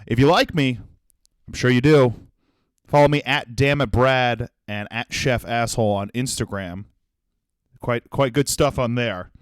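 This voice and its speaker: Young male comedy podcast host, smooth voice, dry close mic, profane and self-deprecating. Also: medium pitch, a little slow, no room sound. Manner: profane, self-deprecating, swings between jokes and sincerity. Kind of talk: solo comedic monologue.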